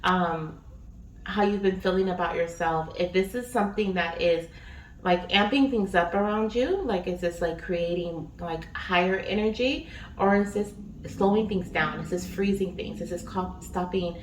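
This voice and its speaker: A woman gives a casual spiritual reading, chatty and rambling with many fillers, in a fairly low voice at normal speed. The audio comes from an echoey room with a distant mic and faint noise.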